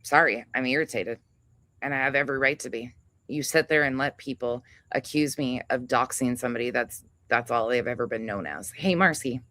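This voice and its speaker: A woman's voice: extremely low pitch, brisk, fairly bright tone, no echo. Angry profane woman ranting on a livestream. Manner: reads chat names aloud. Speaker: livestream host. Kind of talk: heated livestream rant.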